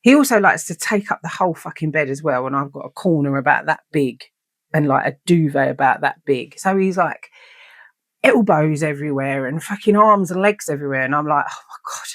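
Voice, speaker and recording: A woman hosting a casual podcast, telling stories in an animated way, swearing freely and acting out quoted lines. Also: deep voice, a little fast, no echo. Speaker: podcast host.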